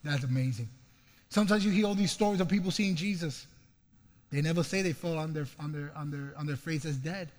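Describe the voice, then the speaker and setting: A man's voice: a little high, a little mellow. A man preaching a sermon, reading scripture with fervour and stretching out key phrases. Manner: fervent, slows and swells on scripture lines. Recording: long hall reverb.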